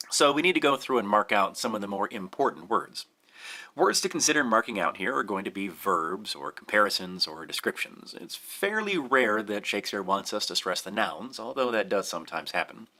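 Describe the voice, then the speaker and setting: A man teaching a lesson, speaking clearly and deliberately and stressing key words as he explains. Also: fairly low pitch, pushed and bright. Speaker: Shakespeare teacher.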